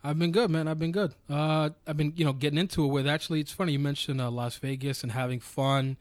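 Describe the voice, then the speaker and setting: A New man talks quickly and a bit high, spinning animated stories and swearing freely. His voice sits close and dry on the mic, with no room around it. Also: no room sound. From New York. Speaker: podcast co-host. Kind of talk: casual chat.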